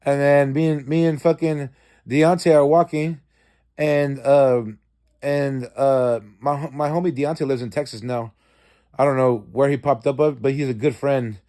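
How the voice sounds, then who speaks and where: A man's voice: steady tone, a little slow. Rambling, profane man telling a dream. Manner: rambling, profane, many fillers and restarts; acts out quoted lines with sharp jumps in pitch. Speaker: vlogger recounting a dream. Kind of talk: casual rambling storytelling.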